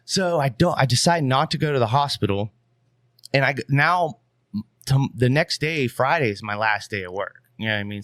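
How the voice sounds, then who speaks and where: Animated man telling a rambling hunting story. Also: mid-range voice, no echo, clean studio sound. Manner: rambling, animated, many fillers. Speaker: podcast guest. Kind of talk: casual storytelling.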